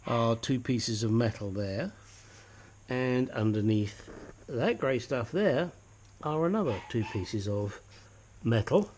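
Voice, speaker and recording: A man with a mid-range voice walks through a car seat repair in an easy, chatty way. He keeps slipping in jokes and friendly asides as he goes. A faint background noise runs under the recording. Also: mid-range voice. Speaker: DIY car repair vlogger. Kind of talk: casual how-to tutorial. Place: home workshop in the desert.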